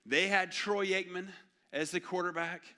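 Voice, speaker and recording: A man, preaching an animated, joking sermon in a church. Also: high-pitched, moderate pace. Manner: storytelling, animated and jokey. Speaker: pastor. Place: church sanctuary.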